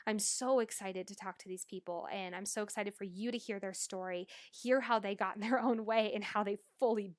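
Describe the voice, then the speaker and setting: A woman's voice: medium pitch, fairly even intonation, a little fast, hardly any pauses. A young adult woman hosting a solo podcast as a life coach, talking in an earnest, emotional, motivational way.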